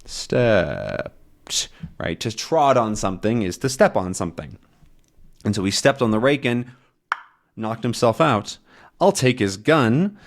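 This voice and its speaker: A man's voice: lowish voice, normal speed, long pauses. Patient man teaching English with comics. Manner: patient, checks in with "right?". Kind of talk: explaining comic vocabulary.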